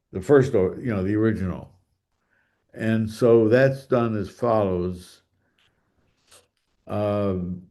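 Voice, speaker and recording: Slow, low-voiced man lecturing on math. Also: warm tone. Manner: halting, thinking aloud with many fillers and restarts.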